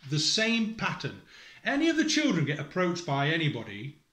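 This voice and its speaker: A man's voice: a little high, huge pitch swings, normal speed, fairly bright tone, echoey room. A distressed man speaking straight to his family as a father. He is angry and accusing, swears, breaks off his sentences and reads aloud from a school report. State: distressed and emotional. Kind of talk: emotional direct-to-camera appeal, reading from a school report.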